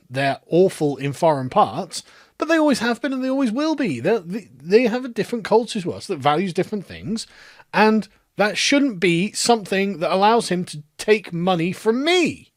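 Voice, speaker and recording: A man's voice: high voice, sing-song, moderate pace, no echo, studio quality. A man ranting in a sarcastic, exasperated commentary and laughing mid-rant. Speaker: political commentator.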